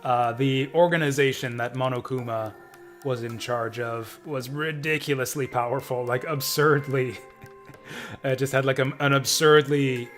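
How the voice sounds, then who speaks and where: Joking male streamer, mid-pitched voice, faint game music under him. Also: fairly even intonation, a little slow, a bit bright. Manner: casual, jokey, reads game dialogue aloud. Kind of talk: let's play commentary.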